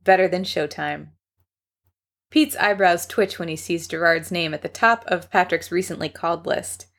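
A woman's voice: fairly low pitch, normal speed, a bit bright. A woman reading a fan story aloud in a wry narrating voice. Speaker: story reader.

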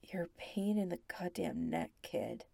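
Female narrator as a gruff stern man, deep hushed voice, slow, gravelly. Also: dry recording, full character voice. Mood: tender. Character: stern older man, gruff but caring.

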